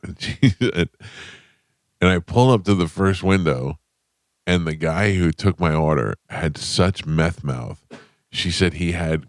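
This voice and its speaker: Man, radio host, very low voice, dry studio sound, rambling, laughs mid-sentence. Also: unhurried, dry recording. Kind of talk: casual morning-show banter.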